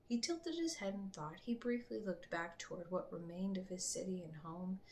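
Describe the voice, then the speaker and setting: A woman reading her own book aloud to her family in an unhurried way, slipping into soft whispers. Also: mid-range voice, a little hiss or hum.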